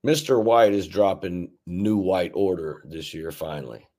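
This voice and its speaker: This Memphis, Tennessee rapper, guesting on a podcast, has a low-pitched, warm voice and a measured pace. His talk is casual storytelling: long tales full of heavy swearing and frequent restarts.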